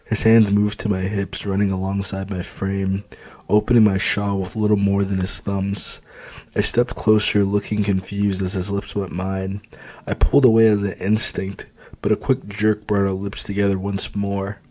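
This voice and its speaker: A man reading his own novel aloud as audiobook narration, in steady first-person storytelling. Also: lowish voice, moderate pace.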